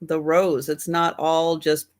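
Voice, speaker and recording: A woman's voice: low-pitched, level tone, takes it slowly, low-quality recording. A woman hosting a live online vintage sale, describing items and calling out bids. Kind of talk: live online sales auction.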